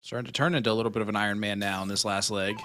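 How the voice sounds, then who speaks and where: A man calling darts play-by-play with excited calls and playful banter. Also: lowish voice, racing, slight background noise. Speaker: dart commentator. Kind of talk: live sports commentary, casual banter.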